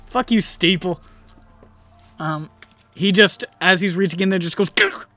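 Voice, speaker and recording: A man's voice: high-pitched, unhurried, sharp tone, no echo, faint music behind. A man running a tabletop game as game master, laughing often and swearing as he narrates.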